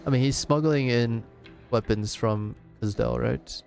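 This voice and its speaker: Male streamer, casual rambling chat, profane, mellow tone, faint game music. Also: medium pitch, a little slow, creaky. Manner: heavy swearing, rambling restarts. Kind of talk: casual live-stream commentary.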